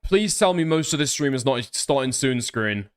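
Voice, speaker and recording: A man riffing through a reaction stream with biting sarcasm and plenty of swearing. His pitch sits mid-range but bounces around with a lot of expression. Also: lively intonation, normal speed. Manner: sarcastic, profane, musing aloud. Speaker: stream commentator. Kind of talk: reaction commentary.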